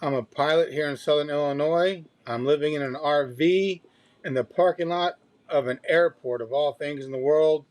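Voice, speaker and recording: A man's voice: a little high, moderate pace, a little mellow. Laid-back joking man on a remote call. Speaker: pilot and podcast co-host. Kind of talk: casual chat. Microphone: phone hotspot, remote call.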